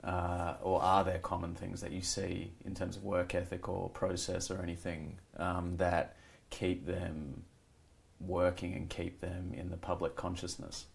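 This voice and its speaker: Deep, gravelly, flat-voiced interviewer. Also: male voice, unhurried. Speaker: podcast host.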